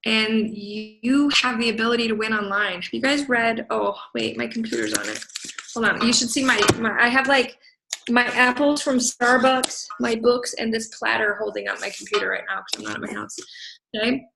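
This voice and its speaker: A woman giving an energetic motivational talk as a business coach, speaking to a laptop on a video call and punctuating her points with quick rhetorical questions. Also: on the high side, gravelly, noisy background. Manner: energetic, punchy, keeps asking "right?". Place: away from home, speaking to a laptop.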